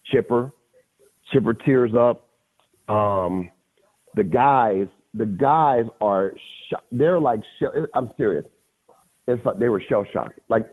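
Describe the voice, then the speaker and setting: A man in his fifties, a podcast guest, telling stories in a casual, animated way, often laughing and repeating phrases. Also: mid-range voice, slightly rough. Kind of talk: casual storytelling. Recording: phone-like lo-fi audio.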